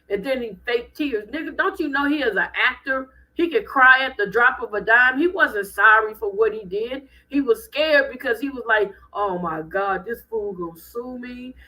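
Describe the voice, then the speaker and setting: A woman hosting a live stream, giving blunt, animated commentary with speech. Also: a little high, normal speed, poor audio. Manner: animated, blunt, preachy ranting.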